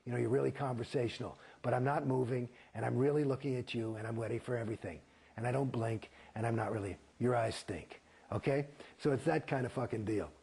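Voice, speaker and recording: A man's voice: medium pitch, fast talker, darkish tone. A man telling his story in an interview, blunt and profane, rambling through false starts. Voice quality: gravelly, husky voice.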